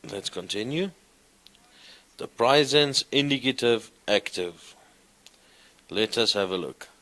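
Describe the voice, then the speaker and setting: A man teaching a class, explaining grammar slowly and reciting verb forms in a sing-song way. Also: mid-range voice, lively intonation, fairly bright tone. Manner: slow, deliberate, recites conjugations in a sing-song. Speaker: lecturer. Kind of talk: classroom lecture.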